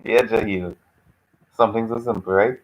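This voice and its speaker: A man's voice: lowish voice, steady tone, moderate pace, highs cut off. Repetitive, teasing male lecturer. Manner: patient and teasing, repeats phrases over and over. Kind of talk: live online class, reacting to student chat answers.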